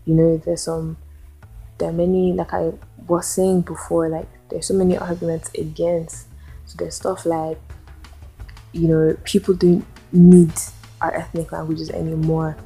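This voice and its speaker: A young woman with a Nigerian accent hosts her own podcast, venting with rhetorical questions. Her voice sits low and mellow, with a gravelly fry running through it. Faint music plays underneath. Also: little pitch movement, unhurried. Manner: ranting, exasperated rhetorical questions. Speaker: podcast host. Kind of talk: solo podcast monologue.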